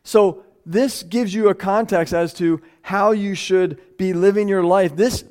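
Earnest preacher man with a higher voice. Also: fairly even intonation, a little slow, darkish tone, smooth. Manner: earnest, rises in pitch and speeds up when stressing points; stumbles over words and restarts phrases. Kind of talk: live sermon.

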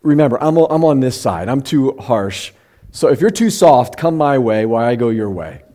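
Emotional man with a lively preaching voice. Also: mid-range voice. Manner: conversational, often gets emotional; slows down to read scripture aloud. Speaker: pastor. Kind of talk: sermon.

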